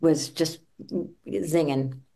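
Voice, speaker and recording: A woman's voice: deep voice, steady tone, drawn-out words, creaky, dark tone. A woman who acts on a comedy series, speaking earnestly in an interview and repeating words as she thinks. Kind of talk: casual interview chat.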